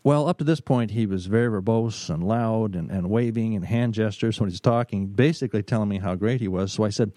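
A middle-aged man, a business consultant, telling stories in an emphatic talk, pausing often and repeating words. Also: on the low side, dark tone, no echo. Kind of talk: storytelling talk.

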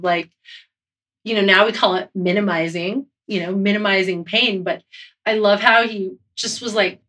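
A woman snowboarder talking casually in an interview, gushing and animated as she tells stories. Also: mid-range voice, moderate pace, distant mic.

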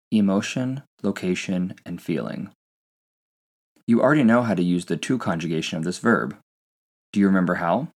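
A man hosting a scripted Spanish lesson for English speakers, slowing down to model each example phrase carefully. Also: low-pitched. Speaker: Spanish teacher.

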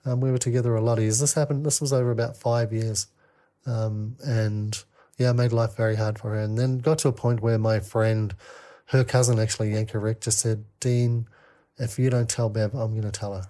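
A man telling a candid personal story as a podcast guest, halting with many fillers and restarts. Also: mid-range voice, level tone, dark tone.

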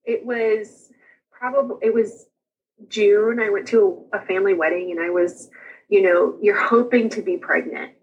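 Husky woman telling her story. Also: medium pitch, steady tone, darkish tone, muffled recording. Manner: chatty, quick, laughs through anecdotes. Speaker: guest sharing her birth story. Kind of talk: casual personal storytelling.

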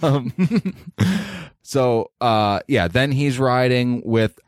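A man co-hosting a podcast who leads the movie recap in relaxed, casual chat. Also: mid-range voice, drawn-out words, no echo, clean studio sound. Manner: relaxed storyteller, steers the recap. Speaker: podcast co-host.

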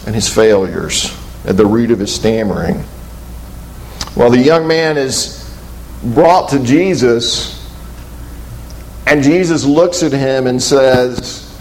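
A man's voice: mid-range voice, darkish tone, slight background noise, poor audio. A man as pastor, preaching a sermon in a conversational way, with rhetorical questions and quoted voices.

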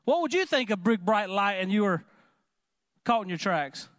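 Man, preacher, high voice, dry close sound, animated, chatty sermon, asks the crowd questions. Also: normal speed, no room sound. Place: church.

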